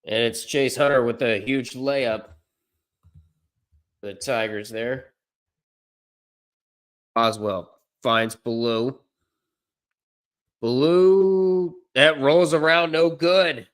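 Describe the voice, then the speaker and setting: Slow-talking amateur male play-by-play caller. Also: medium pitch. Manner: unpolished, self-correcting, deadpan asides. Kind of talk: livestream play-by-play commentary.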